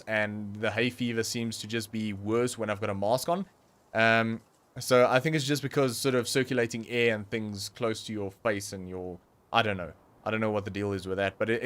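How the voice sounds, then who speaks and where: A young South African man with a South African accent, chatting casually and rambling through a game livestream, with frequent ums and self-corrections. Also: medium pitch. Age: young adult. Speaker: streamer.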